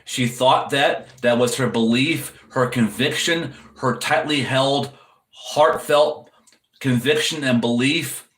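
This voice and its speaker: Man preaching, slow deliberate delivery, earnest and repetitive, echoey room. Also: medium pitch, fairly bright tone. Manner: earnest, repetitive exhortation addressed to the viewer. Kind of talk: sermon-style encouragement.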